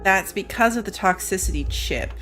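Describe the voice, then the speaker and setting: A woman's voice: medium pitch, animated, moderate pace, fairly bright tone, soft background music. A tired woman with school-age kids, chatting casually while playing a game, rambling and yawning now and then. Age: adult with school-age kids. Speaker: gaming streamer. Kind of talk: casual let's-play commentary.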